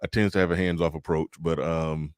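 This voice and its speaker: A man hosting a casual livestream, reading out viewer comments and chatting in a relaxed way. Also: very deep voice, fairly quick, clean tone, no room sound, clean studio sound. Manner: relaxed, reads out super chats. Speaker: livestream host.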